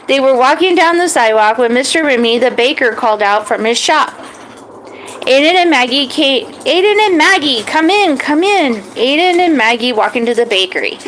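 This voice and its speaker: A woman tells a children's story in a gentle, animated way. Her voice sits high. A faint hiss runs under the recording. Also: normal speed, poor audio.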